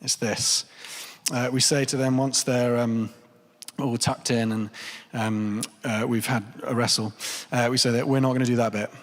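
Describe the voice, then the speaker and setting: Repeating phrases to drive his point home, this thirties-aged pastor delivers an earnest, pleading church sermon. His voice is medium-pitched and level at normal speed, and the recording has a long church reverb.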